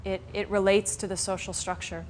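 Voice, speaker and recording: A woman's voice: medium pitch, flat delivery, a little fast. A woman meditation teacher telling a story and teaching a live class in a reflective, conversational way. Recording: faint room noise from a live stream.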